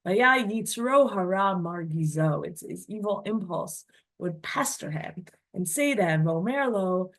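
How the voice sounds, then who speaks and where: A woman teaching a class on classical texts, reading passages aloud and translating them in a chatty, animated way. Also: fairly low pitch, a little slow. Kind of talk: text study class.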